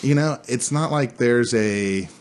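A man's voice: mid-range voice, measured pace. A man co-hosting a podcast in casual chat, blunt and opinionated. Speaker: podcast co-host.

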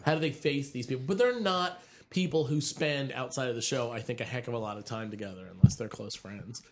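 A man's voice: mid-range voice, darkish tone. A man co-hosting a podcast in casual chat, tossing in wisecracks. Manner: quick, wisecracking interjections. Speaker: podcast co-host.

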